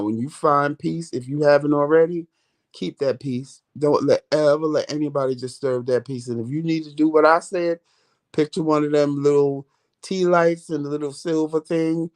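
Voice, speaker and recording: A man hosting a vlog, chatting casually in a relaxed, talkative way. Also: on the high side. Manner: relaxed, talkative, Southern US vernacular. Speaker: vlog host. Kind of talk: casual chat.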